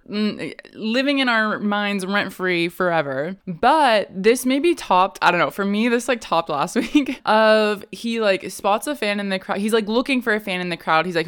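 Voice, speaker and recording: Woman, podcast co-host, casual storytelling, smooth clear voice, animated. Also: mid-range voice, normal speed, hardly any pauses. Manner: animated storytelling, heavy use of "like". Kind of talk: casual chat.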